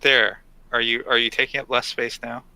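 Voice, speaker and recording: A man's voice: medium pitch, little pitch movement, normal speed, sharp tone, clean tone, low-quality recording. A man chatting casually on a stream, blunt and profane in his griping. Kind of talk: casual chat.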